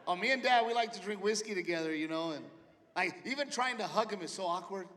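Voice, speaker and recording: A middle-aged man doing a stand-up set, loud and punchy, with sudden shouted punchlines. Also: sits high, lively intonation, fast talker, a little hiss or hum. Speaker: stand-up comedian. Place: large theater stage. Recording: live theater with long reverb and faint ambience.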